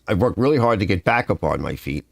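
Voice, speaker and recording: An older man hosting a live stream from his garage, chatting casually and telling rambling, animated stories. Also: lowish voice, fast talker, vocal fry, no echo, studio quality. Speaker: livestream host. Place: home garage.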